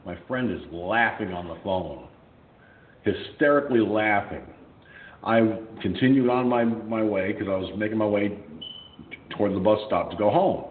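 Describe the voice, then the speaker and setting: A man hosting a radio show, telling a story in a blunt, profane, animated way. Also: on the low side, moderate pace. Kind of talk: casual storytelling. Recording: echoey tinny phone-like line with faint hum.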